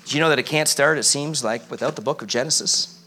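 A man preaching a sermon to a live congregation, animated and often quizzing the audience. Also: medium pitch, quick pace, slight background noise. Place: church.

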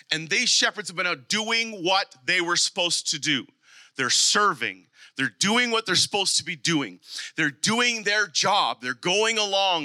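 Male pastor for a sermon: high, very bright, dry close sound, swings between fervent and hushed. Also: no room sound. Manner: rising to animated emphasis, dropping to soft intimate appeals; repeats rallying asides like "come on now".

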